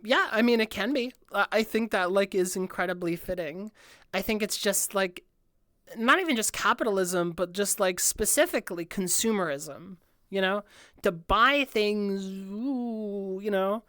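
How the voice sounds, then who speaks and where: A woman's voice: mid-range voice, moderate pace, fairly bright tone, dry recording, studio quality. A woman streamer giving a casual improvised breakdown of an album, rambling with lots of filler words and free swearing.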